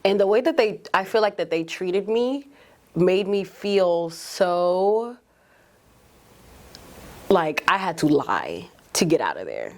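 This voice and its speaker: A woman's voice: fairly low pitch, slow pace, long pauses. A woman in her twenties, a journalist guest telling her story openly in a podcast interview, acting out what people said. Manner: open, animated storyteller who acts out quotes. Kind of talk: candid conversational interview.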